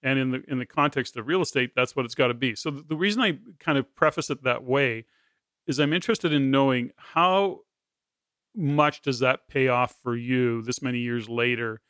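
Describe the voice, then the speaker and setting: A man with a bright, forceful voice hosts a podcast in long, winding turns that loop back and restart. He sounds close and dry, with no room around him. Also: medium pitch, smooth, dry recording. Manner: rambling, with many restarts. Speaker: podcast host. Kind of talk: conversational podcast interviewing.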